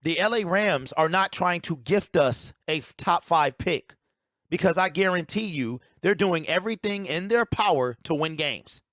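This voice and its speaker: A man's voice: on the high side, lively intonation, normal speed, fairly bright tone, no echo. A man giving opinionated sports talk as a commentator, emphatic and ranting, repeating his key points on a close mic.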